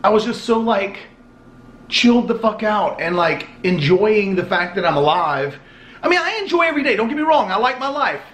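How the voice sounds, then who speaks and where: A man's voice: high voice, animated, moderate pace, a bit bright. A young man vlogging in a casual, rambling way, swearing often and filling his talk with "like". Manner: laid-back, profane, rambling with many "like" fillers. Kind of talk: casual vlog chat. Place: outdoors, in his car and indoors at home. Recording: roomy camera audio.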